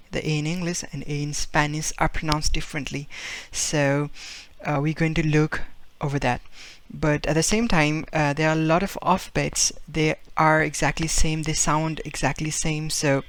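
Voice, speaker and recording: A man's voice: a little high, a bit bright, clean tone, no room sound. A man giving a casual video language lesson, explaining with fillers and repeating example words as he acts them out. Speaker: Spanish teacher.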